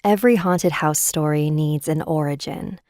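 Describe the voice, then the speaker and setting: A woman podcast host giving measured scripted commentary on a story. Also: low-pitched, darkish tone, dry recording, studio quality. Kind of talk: scripted narration.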